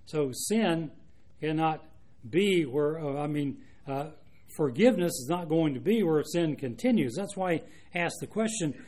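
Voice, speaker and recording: A man preaching an expository Bible sermon in an earnest, measured way, reading out verses and explaining them. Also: a little high, animated, a little mellow. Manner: earnest, measured, with frequent restarts and asides.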